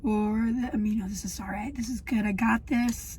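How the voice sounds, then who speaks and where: A woman in her twenties talking in a personal video diary, halting and emotional, with many pauses. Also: a little high, fairly even intonation, a little mellow, a little hiss or hum, low-quality recording. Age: 20s. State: shaky. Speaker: vlogger.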